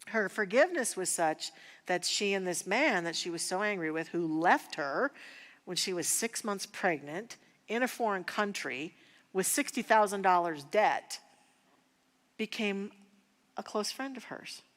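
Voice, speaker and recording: A woman minister teaching a spiritual class, speaking in an earnest, personal and unhurried way. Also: medium pitch, expressive, a bit bright, in a large hall. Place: church sanctuary.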